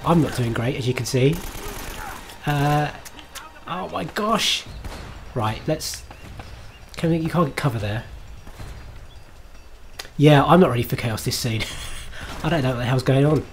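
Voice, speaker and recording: A man's voice: mid-range voice, a little slow, long pauses, slight background noise. Chatty man streaming a game. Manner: self-mocking, chatty, swears and laughs at his own play. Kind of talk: live gameplay commentary.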